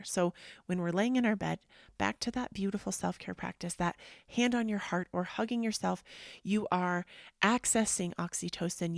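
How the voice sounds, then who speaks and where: A woman hosting a yoga and self-help talk, speaking earnestly and emphatically in a casual motivational style, sometimes dropping into soft, whispery asides. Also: medium pitch, vocal fry, no room sound, studio quality. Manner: earnest and emphatic, with frequent "like" and "freaking".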